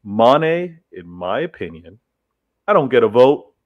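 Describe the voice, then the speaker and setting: A man's voice: medium pitch, sing-song, measured pace, dry recording, phone-quality sound. A man with an accent, arguing football points in a casual panel chat with emphatic repeats. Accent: non-English accent.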